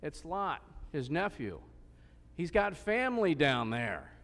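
A man's voice: fairly high pitch, sing-song, takes it slowly, a bit bright. A man preaching a sermon, asking questions and stressing points with emphasis. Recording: long hall reverb.

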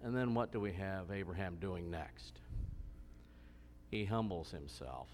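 Lively preaching man in a reverberant hall. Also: low voice, measured pace, slight background noise. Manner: lively, questioning, emphatic. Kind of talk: sermon.

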